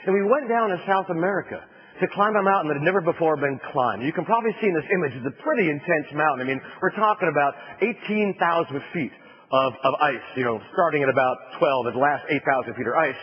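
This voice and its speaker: A husky-voiced man from New Jersey tells a comic adventure story as a motivational speaker, his pitch leaping and swooping as he acts out shouts and lands punchlines. The sound is muffled and lo-fi, as from an older recording. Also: expressive, quick pace, big-room sound. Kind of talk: storytelling keynote speech.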